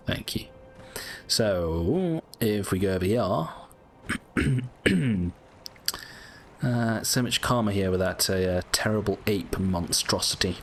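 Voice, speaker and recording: A man's voice: on the low side, creaky, a little hiss or hum. A British man giving casual gameplay commentary, chatty and prone to frustrated swearing. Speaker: gameplay streamer.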